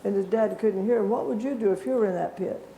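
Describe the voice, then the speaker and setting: Gravelly woman telling a Bible story. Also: medium pitch, fast talker, mellow, a little hiss or hum. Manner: conversational, asks the children questions. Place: church. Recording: echoey church room.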